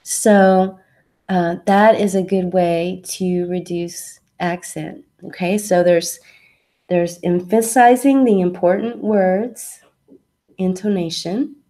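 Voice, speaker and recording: A woman's voice: fairly low pitch, slow pace, dark tone. A woman English teacher giving an online lesson, patiently answering a student's question step by step with examples.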